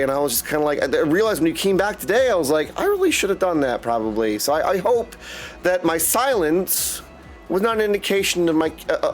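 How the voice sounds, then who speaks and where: A man's voice: a little high, a little hiss or hum. A young man hosting a live game stream in casual chat, effusive and greeting viewers by name. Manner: chatty and effusive, greets viewers by name, keeps saying "my dude".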